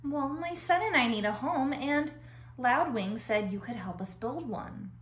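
A woman voicing a calm, polite female robot who speaks in plain, formal words. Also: high-pitched, measured pace, pitched above the performer's own voice. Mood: earnest. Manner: formal, plain, careful wording. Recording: echoey room.

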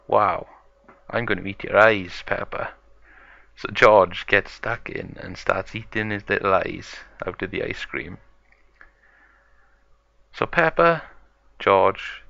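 A man narrating an improvised toy-play story in slow, simple words. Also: deep voice, gravelly, bright, forceful tone, no room sound. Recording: dull lo-fi home recording.

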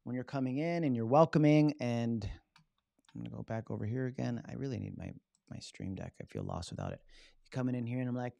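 A man giving a casual live-streamed talk on public speaking, lively and acting out his examples. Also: mid-range voice, fast talker, gravelly, no echo, studio quality. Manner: animated, acts out examples with his body; casual, loose phrasing with "right?" tags.

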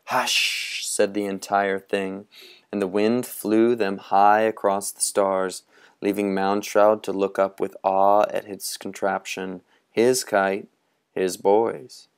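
A man reading a story aloud with a slow, dramatic, drawn-out delivery. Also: on the low side, little pitch movement, a little mellow, smooth, no echo, clean studio sound. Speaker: reader.

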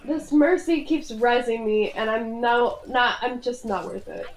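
A woman's voice: a little high, a little slow, reverberant, poor audio. A woman chatting casually while playing an online game, shrieking in panic when things go wrong. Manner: animated, squeals and shrieks in panic. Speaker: gamer. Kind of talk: casual gaming chat.

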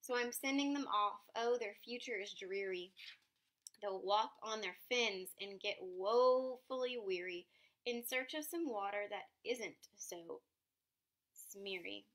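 A woman voicing a grumpy small male creature who scolds a polluter in a slow, drawn-out way while reading a storybook aloud. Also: mid-range voice, fairly bright tone. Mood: scolding.

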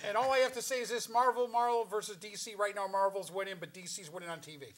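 A man's voice: sits high, fairly even intonation, fast, a crowd in the background. A man co-hosting a talk show, chatting in an upbeat way with short replies. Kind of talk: casual chat.

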